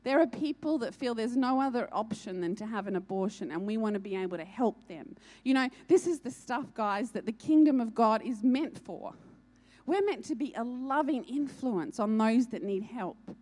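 A woman delivering a sermon in a fairly high voice. She presses her points with urgency and repeats key lines to drive them home. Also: lively intonation, moderate pace, a little mellow. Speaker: preacher.

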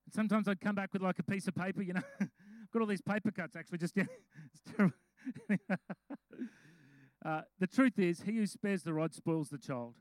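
A man, a pastor preaching a sermon, mixing slow scripture reading with chatty storytelling. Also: sits high, dry recording, poor audio. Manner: reads scripture slowly.

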